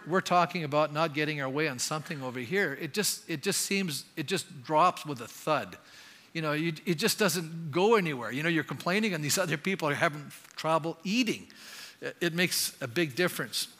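An older Canadian pastor delivers a sermon in a church sanctuary, his fairly high voice bright and forceful. He speaks conversationally and keeps putting questions to the congregation. The recording carries a long hall reverb.

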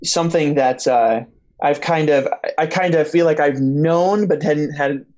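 A man's voice: a little high, a little slow, a little mellow. A young man hosting a faith podcast in casual chat, telling a story with many fillers and restarts. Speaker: podcast host.

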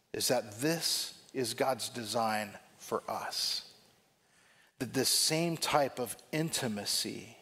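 A man preaching a sermon, reflective and emphatic, slowing down to stress key lines. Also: medium pitch, fairly bright tone, breathy edge.

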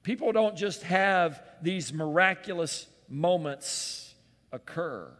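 A man preaching a sermon, acting out Bible scenes in voices and swinging from loud calls to hushed, close words. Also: high voice, expressive, slow pace, long reverb tail. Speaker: pastor.

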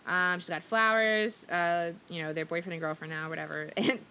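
Woman co-host, casual movie recap, rambling and giggly, bright tone. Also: lowish voice, fairly even intonation, moderate pace, clean tone. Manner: rambling, chatty, giggly, many fillers. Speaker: podcast co-host.

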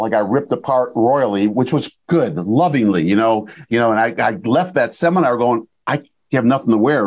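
A man's voice: medium pitch, darkish tone, highs cut off. Man in his sixties telling stories. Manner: storytelling, frequent tag questions. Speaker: podcast host and chiropractor. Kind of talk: casual interview chat.

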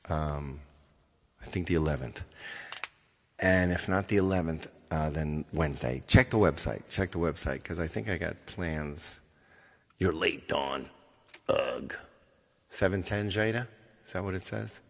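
A man's voice: very deep voice, a little slow, vocal fry, long pauses, long reverb tail. A man hosting a live stream as its singer, chatting casually with viewers, thanking them by name and thinking aloud.

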